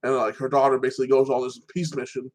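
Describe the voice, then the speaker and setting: A man's voice: mid-range voice, monotone, fast talker, low-quality recording. A man hosting a casual podcast, recapping TV episodes in a rambling way with many restarts and tag-on phrases. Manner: rambling, frequent restarts, keeps adding "like that". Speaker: podcast host.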